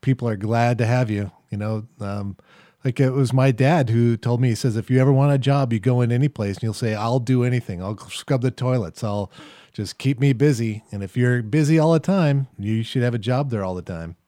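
A male podcast host with a mellow, warm voice who talks in a relaxed, reflective way. His words sit close and dry on the recording. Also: medium pitch, brisk, dry recording. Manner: relaxed, reflective, many fillers. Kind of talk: conversational interview.

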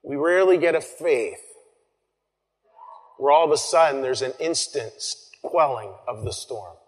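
A man preaching a sermon, earnest, repeating phrases and dropping to soft, quiet lines. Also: a little high. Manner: earnest, pauses and repeats phrases, drops to soft near-whispers. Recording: long reverb.

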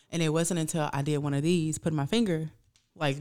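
A woman's voice: low voice, a little fast, clear, resonant tone. A woman in her thirties co-hosting a podcast, chatting casually and acting out quotes as she tells stories. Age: 30s. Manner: animated storyteller, acts out quotes. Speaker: podcast co-host. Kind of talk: casual chat.

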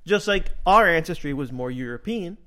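A man hosting a podcast, telling a personal story in a casual, animated way and laughing often. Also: on the high side, moderate pace. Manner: animated, laughs often, acts out quoted dialogue. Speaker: podcast host.

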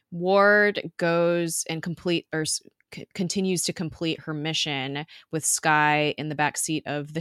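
Podcast co-host, woman, low voice, casual recap, laughs easily. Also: a bit bright, no room sound, clean studio sound. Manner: chatty, laughs often, recounts scenes with quoted voices.

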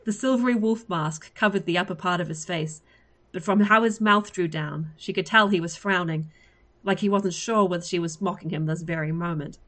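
A woman reading a fantasy story aloud in a lively way. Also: fairly low pitch, normal speed. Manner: lively, laughs at the story between passages. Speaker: story reader.

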